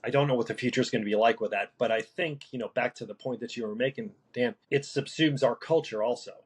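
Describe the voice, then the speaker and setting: A man who works as a paramedic, talking through a casual podcast conversation in a halting way, with many restarts and fillers. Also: mid-range voice, breathy edge, poor audio. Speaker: paramedic guest.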